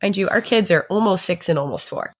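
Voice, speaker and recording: A woman in her thirties hosting a podcast, sharing a personal story candidly and with animation, laughing often as her pace swings between rushed and slow. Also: on the low side, animated. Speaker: podcast host.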